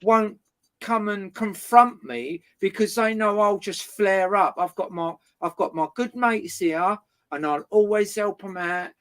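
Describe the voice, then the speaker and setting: A guest telling a neighbour feud story in casual chat, swearing constantly and retelling scenes in an animated way. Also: mid-range voice, a little slow.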